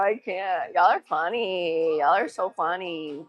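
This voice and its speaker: This young adult woman from Massachusetts, speaking with a Massachusetts accent, is a fitness livestreamer counting reps and casually chatting with viewers during an indoor gym workout. Her voice is on the low side, her pace measured, with hardly any pauses. Faint music plays behind her, and the audio is poor.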